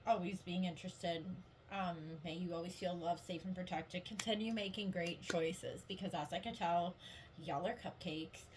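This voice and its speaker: A woman reads tarot casually for her viewers in a lowish, steady voice at a moderate pace, with background noise present. Her delivery rambles and bubbles with laughter and frequent "like"s, upbeat and encouraging throughout.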